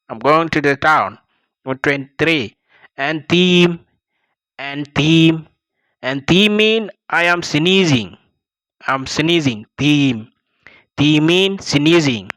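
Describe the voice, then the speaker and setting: A man's voice: on the high side, a bit bright, dry recording, rough recording. A young South Sudanese man with a Dinka first language, teaching vocabulary and repeating each word several times with plain translations. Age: young adult. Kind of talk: slow vocabulary lesson with repetition.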